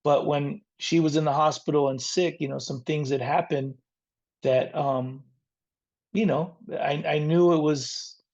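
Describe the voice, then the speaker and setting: Speaking at a measured pace, this middle-aged rock frontman recounts his life story in an interview, sounding earnest, reflective and faith-centered. He comes from the San Diego area close to the Mexican border, and his fairly high, darkish voice holds a steady tone. Highs are cut off in the recording.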